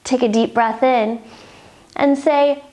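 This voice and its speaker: Woman, kids' yoga storytime teacher, unhurried, bouncy high voice, gentle. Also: fairly even intonation, background noise. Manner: gentle, playful, slow sing-song guiding.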